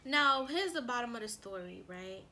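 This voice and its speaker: A woman who is a mother, chatting casually through a storytime, animated and full of "like" and her own quoted thoughts. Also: a little high, moderate pace, background noise. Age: adult with a son. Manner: animated, lots of "like" and quoted self-talk. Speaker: relationship coach and vlogger.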